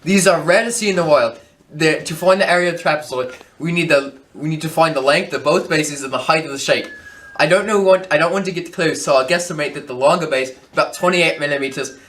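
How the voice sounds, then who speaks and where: Playful mock reporter, slightly high voice. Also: male voice, fast, a bit bright. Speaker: field reporter. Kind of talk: mock news report, nature-documentary spoof.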